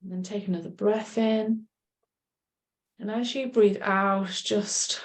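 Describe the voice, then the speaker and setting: A woman coach leading a group session over a video call, guiding a relaxation exercise in a gentle, encouraging, chatty way. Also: mid-range voice, steady tone, takes it slowly, long pauses. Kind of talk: guided relaxation instruction.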